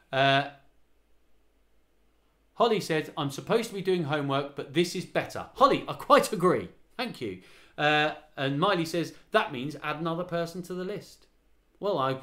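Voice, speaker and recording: A man's voice: fairly high pitch, pushed and bright. A man in his forties leading a livestreamed children's singing rehearsal, singing lines and counting the children in with chatty encouragement. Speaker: children's choir leader. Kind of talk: live online singing rehearsal. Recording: home livestream with guitar. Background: acoustic guitar he plays.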